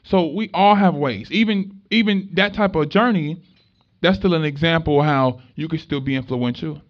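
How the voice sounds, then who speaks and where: A young man giving a motivational talk to students, telling stories in an animated, conversational way with street slang. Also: fairly high pitch, normal speed. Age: young adult. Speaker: motivational speaker. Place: room with a live student audience. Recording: dull lo-fi recording.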